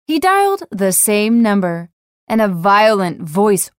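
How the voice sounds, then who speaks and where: A woman telling a joke as a short story, narrating in an expressive way. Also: mid-range voice, takes it slowly, smooth, no echo, clean studio sound.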